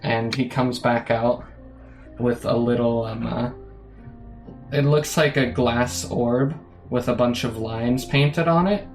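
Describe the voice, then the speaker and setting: A man's voice: medium pitch, slow, a little mellow, soft background music, rough recording. Casual man narrating a tabletop game. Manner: loose, filler-heavy storytelling. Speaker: game master.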